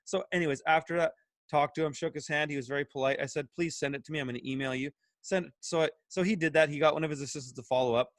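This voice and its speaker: Fired-up farmer guy ranting casually, kinda high voice, dead dry room. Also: racing, no echo. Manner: excited, lots of restarts and emphatic questions. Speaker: guest, urban farmer. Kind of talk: animated casual discussion.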